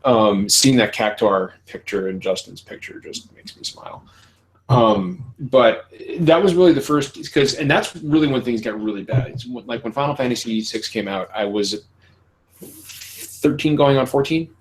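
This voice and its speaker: Candid, profane podcast host. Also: male voice, mid-range voice, normal speed, rough recording. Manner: candid, profane, laughs often. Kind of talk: casual podcast conversation.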